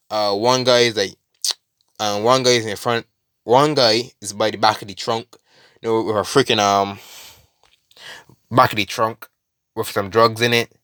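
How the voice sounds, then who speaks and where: A man's voice: on the low side, sharp tone, no echo, studio quality. A man casually retelling a fan story, rambling with lots of fillers, restarts and swearing.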